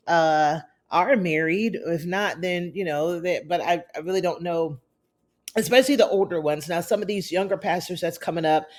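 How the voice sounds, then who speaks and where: A woman giving a casual, opinionated recap of a TV episode and talking straight to her viewers. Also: lowish voice. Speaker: TV recap reviewer.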